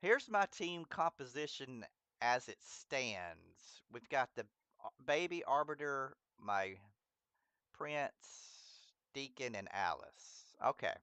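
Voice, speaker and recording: A man streams a mobile game and chats casually with his viewers, speaking straight to the people in chat. He rambles, trips over their names, and laughs at himself. His medium-pitched voice is animated and smooth, with a sharp tone and a slow pace, in a dry recording.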